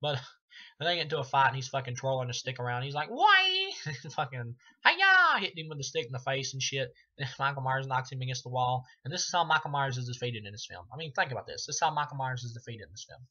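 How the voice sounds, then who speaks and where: Bright-voiced, profane ranting movie reviewer man. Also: mid-range voice, fast, dull audio. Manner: ranting, profane, laughing often.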